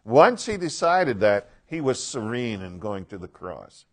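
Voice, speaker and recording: A man's voice: lowish voice, big pitch swings, unhurried. A man teaching a Bible class, speaking emphatically and asking his listeners questions.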